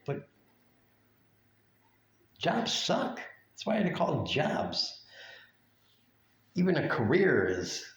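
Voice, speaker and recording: A man ranting in a vlog, blunt, profane and sarcastic. He talks at an unhurried pace with a mid-range voice. The room around him adds a clear echo. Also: medium pitch, big pitch swings. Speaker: vlogger. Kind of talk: ranting monologue.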